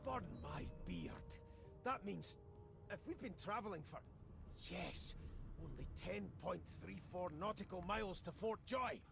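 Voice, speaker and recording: A gravelly Scottish dwarf sailor, scheming and jolly, who draws out his words slowly in a swooping sing-song. He speaks a little high, over video game music. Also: animated, full character voice. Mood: gleeful scheming. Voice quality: gravelly, drawn-out and sly.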